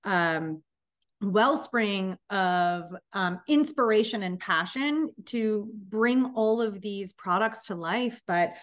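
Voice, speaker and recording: A woman in her thirties, a business founder, telling her story in an interview with lively, acted-out dialogue. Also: medium pitch, slow. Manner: animated, acts out dialogue in storytelling.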